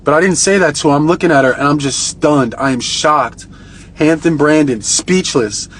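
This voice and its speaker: A man telling a long story on a phone livestream, in a profane, rambling and excitable way. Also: on the high side, moderate pace, a little hiss or hum. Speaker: live-streamer. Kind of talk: casual live-stream storytelling.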